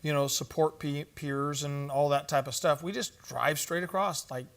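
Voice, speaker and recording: A man's voice: fairly high pitch, fairly even intonation, moderate pace, fairly bright tone. A man giving a church conference teaching, telling stories in a conversational way with fillers and asides. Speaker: conference speaker.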